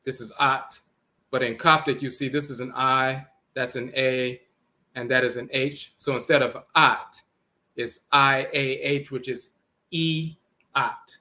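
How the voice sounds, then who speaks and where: A man's voice: medium pitch, flat delivery, measured pace, bright, forceful tone. A man giving an explanatory lecture, repeating words and sounding out letters as he teaches.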